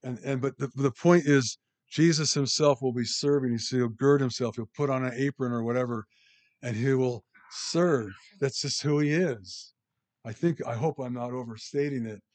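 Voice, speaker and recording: A middle-aged man of ordinary pitch teaches a relaxed Bible study, chatting his way through a worksheet. He often restarts his sentences and reads scripture aloud with rising emphasis. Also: normal speed.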